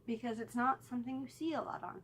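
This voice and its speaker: A woman with a fairly high, animated voice and some vocal fry talks fast on her casual weekly TV review vlog, over slight background noise. She gushes and rambles with restarts and fillers, sometimes sinking almost to a whisper.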